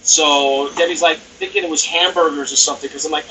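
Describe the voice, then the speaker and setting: A man's voice: a little high, brisk. A middle-aged man streaming himself drawing, chatting casually and rambling to himself. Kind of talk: casual chat while drawing. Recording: distant mic with steady noise.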